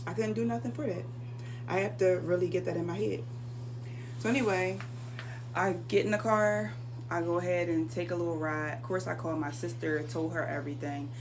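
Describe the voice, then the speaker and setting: A woman's voice: on the low side, fairly even intonation, fairly quick, noisy background. A young adult woman telling a personal story in a casual, emotional, conversational way.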